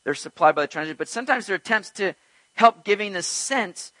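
A man's voice: high-pitched, animated, a little fast, bright, forceful tone, no room sound, poor audio. A man preaching an earnest expository sermon as pastor, teaching emphatically with rhetorical questions.

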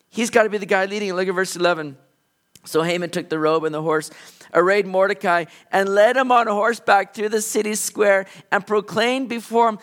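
A male pastor preaching a sermon, retelling a story in an animated, conversational way. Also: sits high, normal speed. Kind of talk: expository sermon.

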